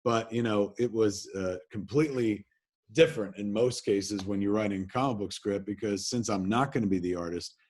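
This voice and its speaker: Man from New Jersey, interview guest, lowish voice, casual storytelling, animated, swears a lot. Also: normal speed, breathy edge. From New Jersey, USA. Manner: animated anecdotes, acts out quotes, swears freely. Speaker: interview guest, filmmaker and comics writer.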